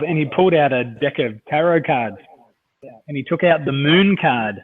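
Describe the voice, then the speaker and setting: A man from Australia, a coach guesting on an interview, speaks at normal speed in an expressive, fairly high voice. His anecdotes wander, filled with fillers and restarts, and the audio sounds dry and tinny, phone-like.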